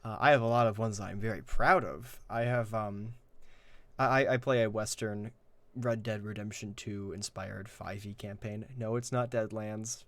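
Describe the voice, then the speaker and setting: A man's voice: lowish voice, fairly even intonation, moderate pace, fairly bright tone, dry recording. Rambling man talking shop, dry sound. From Ireland. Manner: rambling, self-deprecating, many fillers and restarts. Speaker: guest game master. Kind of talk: casual interview chat.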